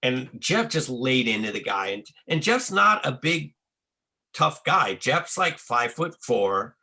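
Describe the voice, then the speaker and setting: A man's voice: mid-range voice, very animated, measured pace, pushed and bright. A man casually telling a tour story, swearing freely, restarting sentences and acting out what others said. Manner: profane, restarts a lot, acts out quotes.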